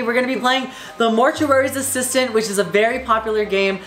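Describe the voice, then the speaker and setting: A woman's voice: fairly high pitch, expressive, fairly quick, hardly any pauses. A woman hosting a horror game let's play, jumpy and crude, often screaming. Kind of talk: casual gaming commentary. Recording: echoey room with game music.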